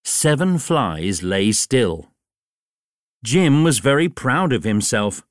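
A man reading a graded storybook for learners aloud, slowly and clearly. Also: no echo, clean studio sound. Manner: very slow, clear, highly expressive reading. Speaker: narrator. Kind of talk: graded reader storybook narration.

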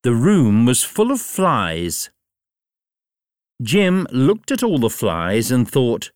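Slow, very expressive male storyteller. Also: no room sound, clean studio sound. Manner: very slow, clear, highly expressive reading. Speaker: narrator. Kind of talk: graded reader storybook narration.

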